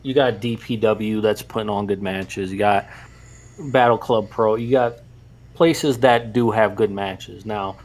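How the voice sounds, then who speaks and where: A man co-hosting a casual podcast, speaking in a relaxed, halting way with many fillers. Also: fairly low pitch. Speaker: podcast co-host.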